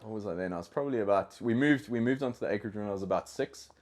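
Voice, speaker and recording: Podcast guest: low-voiced South African man, chatty and rambling, lots of restarts. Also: racing, darkish tone. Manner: rambling, with frequent restarts and fillers. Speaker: guest, dog trainer. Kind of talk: casual podcast conversation.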